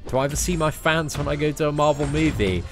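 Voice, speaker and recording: A man's voice: on the high side, quick pace. Chatty English man streaming, calling everyone mate. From England. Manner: chatty, self-mocking, lots of "like" and "mate". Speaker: gaming streamer. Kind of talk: casual live-stream chat answering viewers. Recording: faint music behind.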